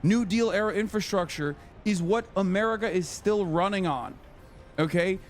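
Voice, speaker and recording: Higher-voiced man ranting on a stream. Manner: profane, emphatic ranting. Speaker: livestreamer. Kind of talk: livestream political commentary.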